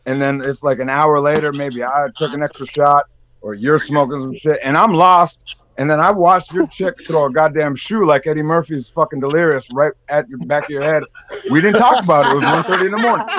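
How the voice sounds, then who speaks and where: A man from North Dakota in a casual chat, talking loudly and excitably with heavy swearing. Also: a little high, a little fast, rough recording.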